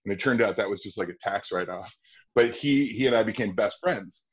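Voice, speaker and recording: A man in his forties from Wisconsin, an actor telling stories in a casual interview and acting out quotes in a high excited voice. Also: brisk, slightly rough. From Wisconsin, USA. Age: 40s. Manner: animated storyteller, acts out quotes in a high excited voice. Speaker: actor guest. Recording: dull lo-fi audio.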